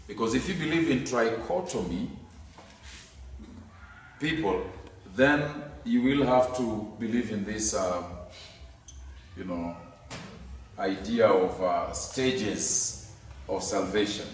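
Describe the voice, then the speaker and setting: A man's voice: fairly low pitch, slow pace, long pauses, a little hiss or hum. A man giving an emphatic Bible teaching lecture, asking his listeners many rhetorical questions. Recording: very echoey room, mic at a distance.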